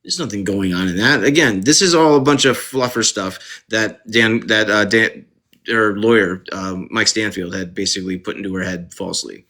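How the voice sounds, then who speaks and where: Male live-streamer with a bright voice, ranting indignantly about a case into his phone. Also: lowish voice, moderate pace. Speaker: true crime live streamer. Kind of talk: casual live-stream commentary.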